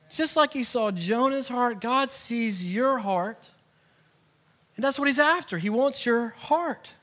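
A middle-aged man, a married pastor, preaching a sermon with animated swings from hushed to loud as he acts out the voices he quotes. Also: very high-pitched.

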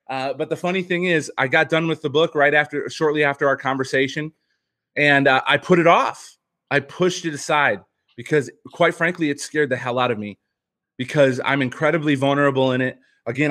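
A man who is a former pitcher and author, telling a personal story as a podcast guest in an earnest, reflective way, often restarting sentences. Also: a bit bright.

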